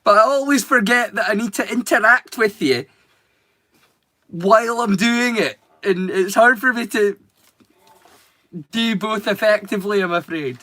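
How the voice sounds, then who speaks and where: A man's voice: high voice, a little slow, pauses often, bright, forceful tone, dry recording. A man with a Scottish accent chatting casually with his live-stream viewers, teasing them and swearing freely. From Scotland.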